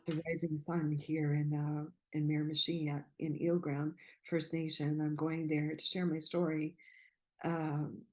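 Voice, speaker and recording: Earnest low-voiced Canadian woman. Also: flat delivery, a little mellow. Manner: earnest, fervent, halting. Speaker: guest. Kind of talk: personal testimony in interview.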